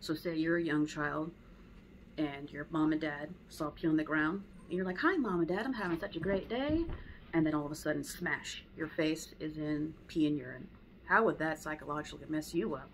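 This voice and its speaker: A woman's voice: low-pitched, fairly even intonation, normal speed, slight background noise, rough recording. A woman teaching dog training in a casual, conversational way at home. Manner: conversational, acts out dog and owner voices. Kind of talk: casual spoken lesson.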